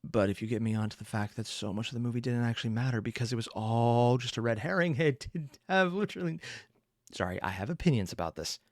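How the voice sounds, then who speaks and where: A reaction streamer offers casual commentary, rambling and opinionated, with self-deprecating asides. His voice is mid-range and he talks fast, recorded with clean studio sound and no room sound.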